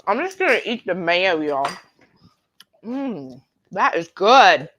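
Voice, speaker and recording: A woman co-hosting a cooking livestream from a home kitchen, chatty and excitable, bantering as she cooks. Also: medium pitch, slow, lo-fi sound, slight background noise. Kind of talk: casual livestream cooking chat.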